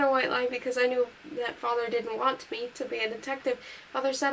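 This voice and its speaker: A woman reading a novel aloud in a brisk, matter-of-fact first-person voice. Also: fairly high pitch, flat delivery, a bit bright. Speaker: reader. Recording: distant mic with faint hiss.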